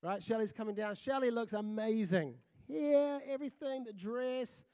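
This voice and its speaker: High-pitched man from Fiji, pastor, lively conversational sermon. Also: moderate pace, smooth. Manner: lively, conversational, often asks the crowd "right?".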